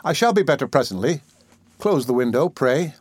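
A man voicing a frail, frightened young lady who speaks in a faltering way, a bit higher than his own voice. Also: animated, normal speed, darkish tone, dry recording. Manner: faltering, breathy with fear.

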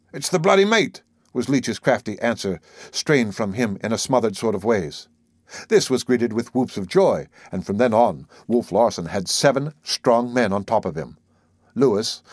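A man reading a novel aloud as an audiobook narrator, measured and deliberate. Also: fairly low pitch, no room sound, studio quality. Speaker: audiobook reader. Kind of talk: scripted narration.

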